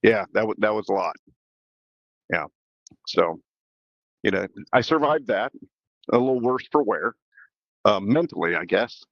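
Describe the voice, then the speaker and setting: A man's voice: on the low side, animated, measured pace, pauses often, no room sound, lo-fi sound. A man hosting a podcast and telling a story in a casual, rambling way, with many restarts. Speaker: podcast host.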